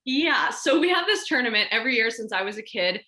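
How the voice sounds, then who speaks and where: Bright-voiced woman telling stories. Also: fairly high pitch, quick pace. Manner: animated, acts out quoted dialogue. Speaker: stunt performer and martial artist guest. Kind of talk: casual interview storytelling.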